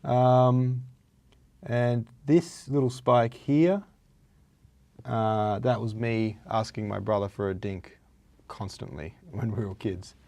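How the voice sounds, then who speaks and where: A young Australian man hosting a vocabulary vlog, his voice hoarse and raspy from days of talking, chatting playfully with lots of fillers. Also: mid-range voice, slow pace, mellow, dry recording. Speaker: vlog host. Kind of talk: casual chat about words.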